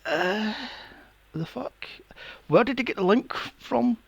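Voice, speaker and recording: A man's voice: high voice, lively intonation, takes it slowly, vocal fry, a bit bright, slightly rough, no echo, dull audio. A man co-hosting a podcast in casual chat, telling a story with lots of swearing and laughter. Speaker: podcast co-host.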